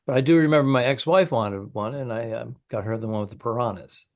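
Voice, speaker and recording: A man co-hosting a comedy podcast, trading stories and quick jokes in casual talk. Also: mid-range voice. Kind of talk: casual banter.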